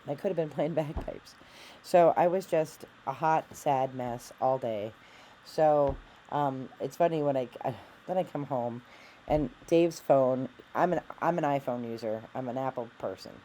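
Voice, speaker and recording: A middle-aged woman talks straight to her viewers in a rambling, self-deprecating way, stopping and restarting her sentences and packing in fillers. Her voice is mellow and soft-edged, and a faint noise sits behind her. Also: sits low, normal speed, low-quality recording. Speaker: vlogger. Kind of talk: candid personal vlog.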